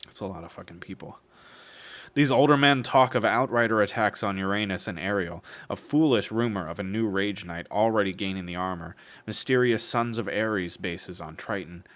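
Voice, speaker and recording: A man streams a casual reading of a novel, interrupting the passages with wry, profane jokes. His voice sits low and sounds a bit bright.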